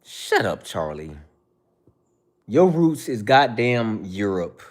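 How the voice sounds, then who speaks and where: A man's voice: on the low side, sing-song, slow. A man hosting a casual livestream, answering viewer chat in a mocking, profane, confrontational way.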